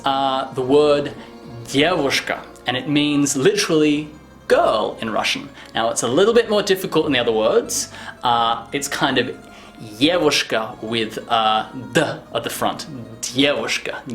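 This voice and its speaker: A man giving a casual language lesson, jumping high in pitch when acting out example phrases. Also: animated, normal speed, a bit bright, soft background music. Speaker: language teacher.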